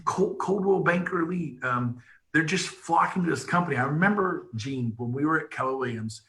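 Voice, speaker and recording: Man, middle-aged, upbeat and emphatic, crisp bright tone, motivational sales talk. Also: a little high, normal speed, low-quality recording. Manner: energetic, emphatic, rallying. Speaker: real estate brokerage leader. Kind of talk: motivational pitch to agents.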